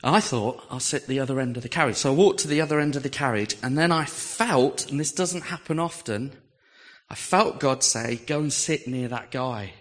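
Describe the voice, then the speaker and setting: An English man preaching, telling a personal story with lively, animated delivery and acting out the voices he quotes. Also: mid-range voice, normal speed. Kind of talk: storytelling sermon.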